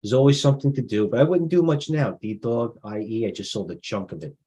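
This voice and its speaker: A man's voice: medium pitch, a little fast, mellow, slightly rough, poor audio. A middle-aged man hosting a live stock market stream, commenting off the cuff with rambling asides and restarts.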